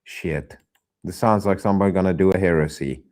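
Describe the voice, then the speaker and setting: A man streams reaction commentary, loud and exasperated, repeating himself and swearing often. His voice is low-pitched and his pace fairly quick.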